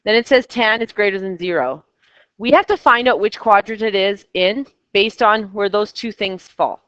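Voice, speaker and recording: A woman's voice: mid-range voice, moderate pace, a bit bright, clean tone, no echo, muffled recording. A woman teaching a math class, chatty and coaxing her students with questions. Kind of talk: classroom lecture.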